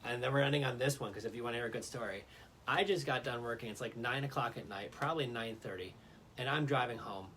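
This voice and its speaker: A man's voice: mid-range voice, quick pace, fairly bright tone. Chatty man telling stories live. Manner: storytelling, chatty and earnest. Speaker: co-host. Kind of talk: casual live Q&A chat. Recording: faint background noise.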